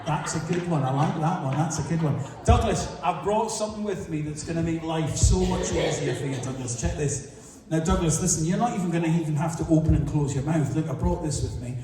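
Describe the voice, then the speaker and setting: A magician doing jokey, teasing banter with volunteers during a live show in a large hall. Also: male voice, fairly high pitch, a little fast, few pauses. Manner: jokey, teasing audience banter, laughing often. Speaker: magician and entertainer. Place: large church hall with audience. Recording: echoey hall recorded from far off, noisy.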